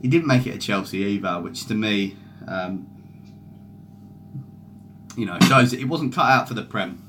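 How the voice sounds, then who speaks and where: A man's voice: fairly low pitch, animated, normal speed, background noise. A young man chatting loosely on a football fan stream, swearing a lot and reading out viewer comments. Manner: sweary, rambling, reads out chat comments. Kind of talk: casual live-stream chat.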